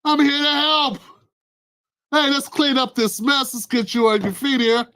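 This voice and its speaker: A man's voice: very high voice, measured pace, sharp tone, voice pushed up, exaggerated voice. A man acting out a condescending male home invader who pretends to be a helper, in a mock-soothing tone. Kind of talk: acted-out skit in a commentary vlog.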